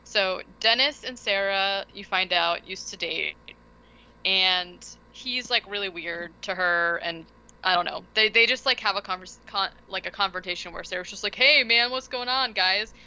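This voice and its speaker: A woman from West Virginia co-hosts a podcast, recapping a film in a rambling, casual style packed with fillers. Her mid-range voice is bright and forceful at a normal pace, and the podcast audio sounds dull and lo-fi.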